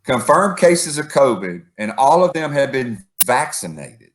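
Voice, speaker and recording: A man's voice: mid-range voice, sing-song, a little slow, a little hiss or hum. A man co-hosting a podcast as the coach, ranting in casual chat and counting off his points. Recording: echoey room.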